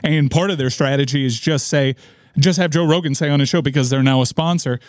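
A man's voice: a little high, fast talker, dry recording, studio quality. A man co-hosting a talk radio show, giving sardonic, pointed commentary in casual banter.

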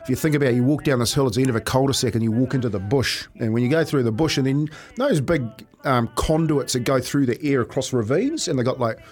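A New Zealand man co-hosting a breakfast radio show, spinning animated childhood yarns and teasing his co-host. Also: mid-range voice, fast, few pauses. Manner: animated yarn-spinner who asks teasing questions. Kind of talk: casual radio banter. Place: radio studio.

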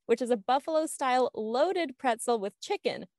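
A woman's voice: high voice, animated, normal speed, darkish tone, no echo, clean studio sound. A woman co-hosting a casual chat show, reading news items with bubbly, giggly enthusiasm. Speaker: podcast co-host.

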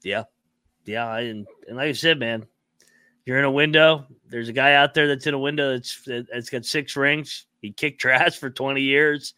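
A man's voice: medium pitch, fairly even intonation, normal speed, pushed and bright, smooth, dry recording, studio quality. A male podcast co-host in casual chat who rants in an emphatic, fired-up way and swears freely. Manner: fired-up, profane, emphatic ranting.

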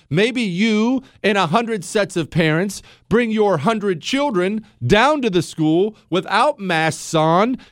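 Man, talk radio host, ranting, sarcastic, high lively voice, dry close sound. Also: no echo.

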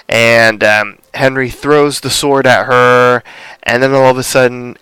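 A man's voice: mid-range voice, level tone, a little slow, pushed and bright, clear, resonant tone, no echo. A young man casually recapping a TV episode on a podcast, rambling with lots of fillers and acting out the characters' lines.

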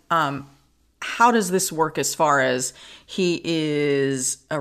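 A woman hosting a podcast interview, asking measured questions. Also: lowish voice, fairly bright tone. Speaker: podcast host.

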